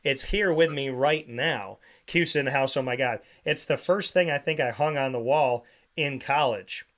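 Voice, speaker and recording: A sports talk show host speaks at a medium pitch and normal speed into a studio microphone. As he spins a casual story, he performs the quoted voices of its characters with lively energy.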